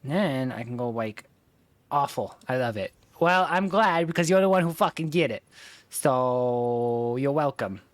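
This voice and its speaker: A man's voice: mid-range voice, expressive, unhurried, no echo. A man streaming a game in casual chat, swearing and joking, his throat strained from holding a raised voice.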